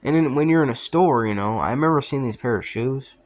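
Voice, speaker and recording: A man's voice: mid-range voice, lively intonation, fairly quick. A young man rambling in a casual vlog monologue, trailing off often, with plenty of fillers and swearing. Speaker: vlogger.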